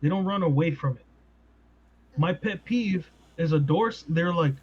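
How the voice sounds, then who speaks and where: Animated male podcast host, lo-fi. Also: a little high, a little hiss or hum. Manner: animated, rhetorical questions, quick asides. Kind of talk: casual chat. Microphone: podcast mic. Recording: dull lo-fi sound.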